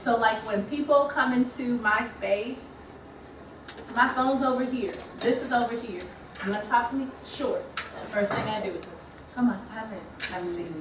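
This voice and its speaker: A woman facilitating a workshop, engaging the group and checking in often as she talks. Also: mid-range voice. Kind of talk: interactive training talk. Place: training room. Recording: echoey room, distant mic, faint noise.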